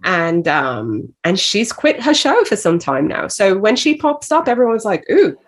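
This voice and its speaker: A woman co-hosting a book podcast, talking in a thoughtful, measured way with many "you know"s. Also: medium pitch, sing-song. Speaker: podcast co-host discussing a book. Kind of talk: casual chat.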